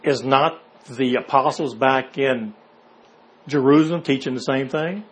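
A man's voice: mid-range voice, unhurried, low-quality recording. Man teaching a casual Bible class. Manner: asks rhetorical questions, checks in with "okay?" and "see?"; reads verses aloud, then explains them in plain words.

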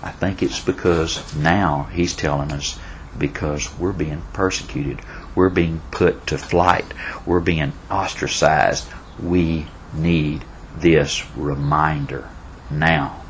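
Low-pitched man leading a Bible study, folksy and repetitive, faint noise behind. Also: steady tone, slow, low-quality recording. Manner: folksy, repeats himself, answers questions from the class. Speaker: Bible class teacher.

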